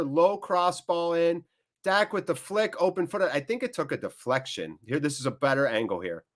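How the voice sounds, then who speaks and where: Excitable male fan host with a slightly high voice, calling a match live. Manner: emotional, excitable fan commentary. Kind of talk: live match watchalong commentary.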